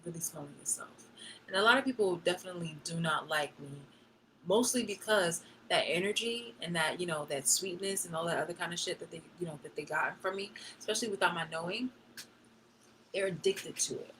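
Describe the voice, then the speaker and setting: A woman live streaming, telling a personal story in a blunt, profane and animated way. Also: on the low side, fairly quick, a little hiss or hum, poor audio.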